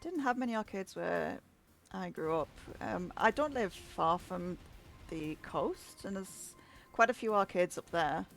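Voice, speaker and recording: A streamer speaks slowly and haltingly, the voice gravelly with fry. Faint game music sits underneath. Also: mid-range voice, expressive, a bit bright. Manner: hesitant, laughs often. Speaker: streamer hosting a charity stream. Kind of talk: casual chat on a game stream.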